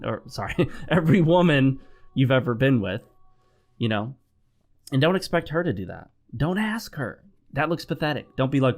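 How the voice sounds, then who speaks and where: Guy talking over gameplay, calm advice-giving tone, some soft music in the back. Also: mid-range voice. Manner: calm, instructive lecturing. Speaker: gaming channel host.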